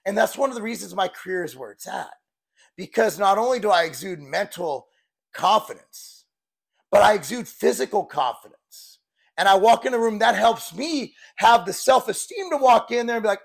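A man's voice: sits high, expressive, moderate pace, creaky. A man in his forties, a fitness coach, talking candidly and bluntly in a rambling, casual vlog style. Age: 40s.

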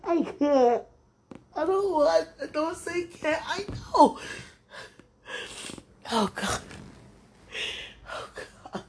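A woman with a high voice pours out a tearful prayer, pleading with God, her words slow and drawn out. Her voice cracks with crying and now and then sinks to a breathy whisper. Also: animated, a little mellow, slight background noise. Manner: pleading, talking to God aloud. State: tearful, voice breaking. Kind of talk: emotional spoken prayer.

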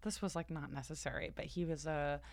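A woman's voice: sits low, steady tone, brisk, vocal fry, a little mellow, no room sound. A young adult woman from Massachusetts, a comedian chatting as a podcast guest and telling rambling, self-mocking stories with lots of fillers. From Massachusetts, USA. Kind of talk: casual chat.

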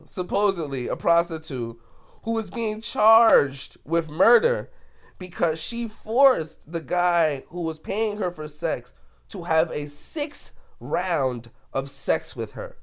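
Podcast guy joking around loud, voice jumping all over, cussing a lot. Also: on the high side. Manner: loud, joking, swearing freely. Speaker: podcast co-host. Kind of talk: casual chat.

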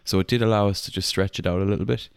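Podcast guy with a really deep voice, dry close sound, easygoing and a bit hesitant. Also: fairly even intonation, rapid-fire, gravelly, smooth, dry recording. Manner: easygoing, hesitant explaining with fillers. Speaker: podcast co-host. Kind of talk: casual podcast chat.

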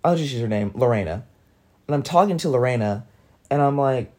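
A man tells a personal anecdote in a relaxed, casual way, with many "like" fillers. His voice is mellow and dark, at an ordinary middle pitch for a man. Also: brisk. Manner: loose, filler-heavy telling with many "like"s. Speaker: storyteller.

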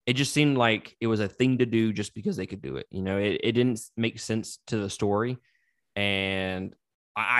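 A man's voice: fairly low pitch, no echo, clean studio sound. A man co-hosting a casual movie review podcast, swearing freely and laughing often. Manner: profane, animated, laughs often. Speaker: podcast co-host.

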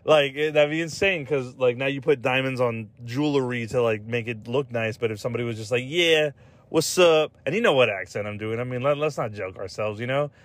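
A man's voice: medium pitch, brisk, hardly any pauses. A man hosting a podcast in a casual, rambling chat, swearing freely, leaning on "like" and "dude" and laughing at his own jokes. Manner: loose and profane, heavy on "like" and "dude", trailing restarts. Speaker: podcast host.

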